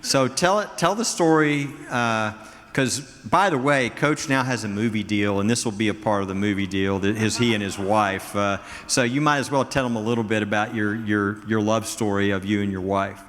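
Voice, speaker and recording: A man's voice: lowish voice, moderate pace, a bit bright. A man hosting an interview, prompting his guest with casual, conversational questions. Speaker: interview host. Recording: hall reverb.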